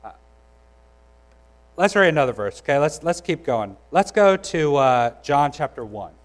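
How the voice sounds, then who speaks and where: A man's voice: fairly high pitch, big pitch swings, unhurried, low-quality recording. A young adult man preaching a sermon in a conversational, storytelling way, with frequent restarts. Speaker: pastor.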